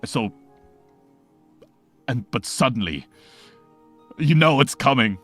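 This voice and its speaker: A man's voice: medium pitch, lively intonation, takes it slowly, a bit bright, soft background music. A man narrating a tabletop game as game master, in a loose, rambling way.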